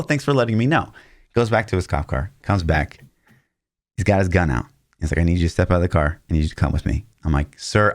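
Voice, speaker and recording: A man in his thirties, a podcast co-host, telling a long personal story in casual chat, acting out the lines of the people in it. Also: deep voice. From Missouri, US. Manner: animated anecdote-telling, acting out quotes with shouts.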